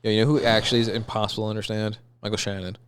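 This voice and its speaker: A man's voice: lowish voice, little pitch movement, racing, slight background noise. A man in his twenties co-hosting a podcast, rambling casually with lots of restarts and swearing. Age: 20s. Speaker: podcast co-host. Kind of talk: casual comedic banter.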